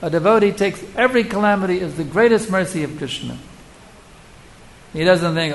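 A man's voice: sits high, lively intonation, fairly quick, slight background noise, low-quality recording. A man who is a spiritual teacher, answering audience questions in a devotional lecture. He speaks rhetorically and emphatically, often asking his listeners questions.

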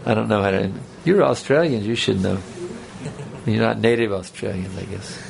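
Gravelly-voiced man giving a rambling talk. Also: on the low side, normal speed, a crowd in the background. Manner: conversational, rambling, joking asides. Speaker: spiritual teacher. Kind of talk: sermon with audience banter.

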